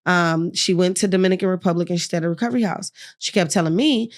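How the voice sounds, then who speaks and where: Animated woman telling a frank story. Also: lowish voice, quick pace. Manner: animated, frank, acts out the people she quotes. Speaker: podcast guest. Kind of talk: casual storytelling.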